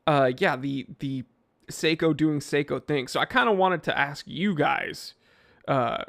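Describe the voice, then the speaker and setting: A chatty, animated man hosts a live stream and answers the chat, his voice sitting a little high. He reads viewer names aloud, restarts often and fills his talk with fillers, and now and then he bumps his microphone.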